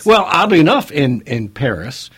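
A talk radio host, a man with a somewhat husky voice. His pitch moves a lot as he chats loosely with his co-host, and the studio sound is close and dry. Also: normal speed, no room sound. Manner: conversational, lively, with frequent fillers. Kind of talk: casual talk radio banter.

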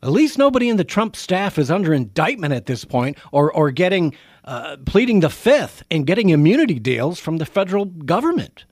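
A man hosting talk radio, voice pitched a little high and swinging widely as he grows indignant. He fires off rhetorical questions and often restarts mid-sentence. The studio sound is dry and close. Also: very animated, fairly quick, no echo. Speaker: radio talk show host. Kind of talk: political talk radio commentary.

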